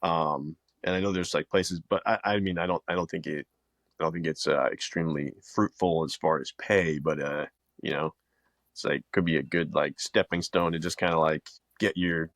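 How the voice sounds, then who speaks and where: A man with a very deep voice talks on a podcast. He rambles in a relaxed way, looping back and hunting for the right word. He is recorded dry and close. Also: normal speed, no room sound. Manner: relaxed, rambling, many restarts and fillers. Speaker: podcast co-host, video producer. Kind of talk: casual podcast chat.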